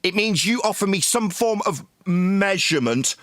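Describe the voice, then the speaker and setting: Guy screaming insults in a voice chat, lively high voice, bright sharp tone, dry sound. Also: moderate pace, no room sound. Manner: shouting, insulting, domineering. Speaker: debate stream host. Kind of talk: heated online debate.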